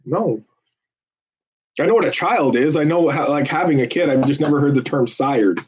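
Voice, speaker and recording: A man on a phone bank livestream chats casually as he makes calls, his voice on the high side, animated, a little mellow, and edged with breathiness at a moderate pace. He jokes and pitches like a persuasive salesman to callers and viewers, recorded in dull lo-fi.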